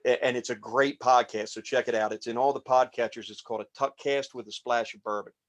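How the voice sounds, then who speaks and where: A man casually talking through a fly tying demonstration as he works, relaxed and rambling. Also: medium pitch, fairly quick. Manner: relaxed, rambling, talks while working.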